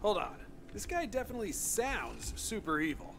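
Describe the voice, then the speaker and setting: Wisecracking young male adventurer, offhand, animated pitch, game voice, background noise. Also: normal speed, gravelly, exaggerated voice. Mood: joking. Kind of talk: video game voice acting.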